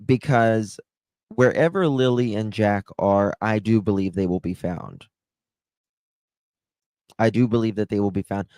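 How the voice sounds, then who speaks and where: A man hosting a casual live commentary stream, musing slowly and putting questions to his viewers. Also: lowish voice, darkish tone, no echo. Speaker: livestream host.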